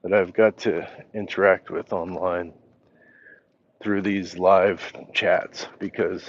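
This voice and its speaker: A man hosts a relaxed livestream from a phone he holds in his hand, reading viewer comments aloud. He talks at a slow, unhurried pace in a slightly low voice, with easy pauses and fillers. The sound is a little dull and lo-fi. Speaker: livestream host. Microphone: handheld phone.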